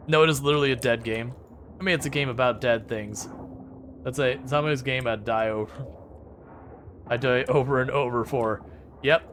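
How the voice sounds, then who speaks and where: A man's voice: mid-range voice, a bit bright, slight background noise. A man live-streaming a game, chatting casually and rambling with sarcastic asides to his viewers from a home setup. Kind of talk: casual live-stream chat while playing.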